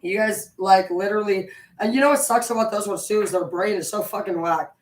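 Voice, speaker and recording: A woman vlogging at home in a rambling, profane, animated monologue. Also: mid-range voice, fairly quick. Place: home, indoors. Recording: echoey room, voice from a distance.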